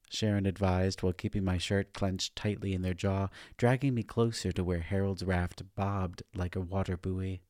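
A man narrating a first-person story in a measured, even reading. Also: low voice, no echo, clean studio sound.

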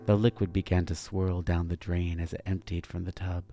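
A man narrating a dark fantasy story in a measured, deliberate scripted reading. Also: sits low, level tone, music in the background.

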